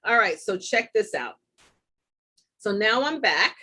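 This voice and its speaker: A woman's voice: medium pitch, big pitch swings, slow, sharp tone, breathy edge. Chatty woman hosting a live tutorial. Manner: chatty, self-deprecating, talks through each step. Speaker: host.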